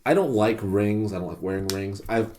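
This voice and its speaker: A man's voice: on the low side, normal speed. A man telling stories in casual, profane podcast chat. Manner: animated storytelling, profane.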